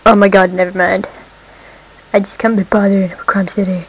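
A woman giving casual let's-play commentary, excitable, swearing often and breaking into squeals and whoops. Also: medium pitch, normal speed, husky, rough recording. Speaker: gameplay commentator.

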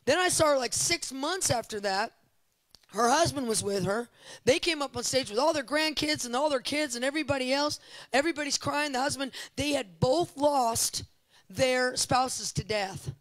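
A middle-aged woman preaching at a conference, telling testimonies in an animated, emphatic way and repeating phrases for emphasis. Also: high voice, normal speed, dry recording, poor audio.

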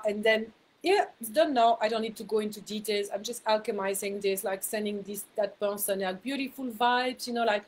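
A woman's voice: mid-range voice, a little fast, poor audio. Chatty spiritual mentor, a woman. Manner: chatty, laughs at herself, repeats words for emphasis. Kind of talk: casual spiritual talk to viewers.

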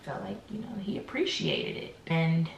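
Woman vlogger, lively storytelling straight to viewers, slight vocal fry, roomy echo. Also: low-pitched, moderate pace, muffled recording, a little hiss or hum. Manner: animated, talks straight to viewers with slangy asides. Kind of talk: casual storytime chat.

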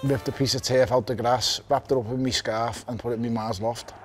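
A man's voice: medium pitch, fairly even intonation, brisk, faint music behind. A man with a Liverpool accent talks passionately and bluntly in a casual documentary chat, with a joking edge. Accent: Liverpool (Scouse). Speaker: football fan on a stadium tour.

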